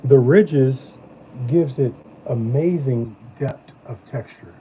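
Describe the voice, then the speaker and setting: Animated man reviewing snacks. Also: medium pitch, takes it slowly, a little hiss or hum, rough recording. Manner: animated, loose slangy talk. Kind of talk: casual live-stream chat.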